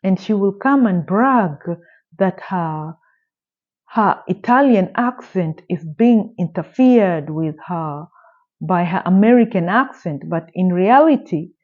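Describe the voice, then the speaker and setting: A woman's voice: fairly low pitch, animated, slow, phone-quality sound. A woman telling a true story in a casual storytime style, emphatic and indignant, with rhetorical questions.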